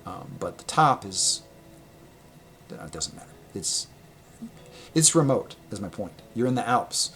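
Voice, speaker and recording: A man casually telling a personal travel story, rambling and correcting himself, laughing often and getting animated when he quotes people. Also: fairly low pitch, a little slow, pauses often, faint music behind. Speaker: vlogger.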